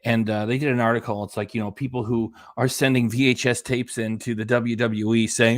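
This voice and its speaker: A man's voice: mid-range voice, fairly even intonation, brisk, few pauses, no room sound, clean studio sound. A man hosting a reaction channel, giving sarcastic, rambling casual commentary.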